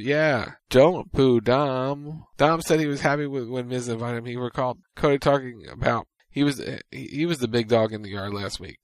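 A man's voice: medium pitch, dry recording. Man casually recapping a show. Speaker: podcast co-host recapping wrestling.

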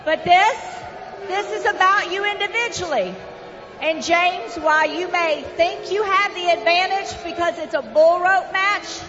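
A woman with a Southern US accent, owner of a wrestling promotion, laying out matches and calling the men darling and honey. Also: extremely high pitch. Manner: bossy, sprinkles in darling and honey. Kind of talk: wrestling promo in front of a live crowd. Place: arena. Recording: muffled arena broadcast with loud crowd.

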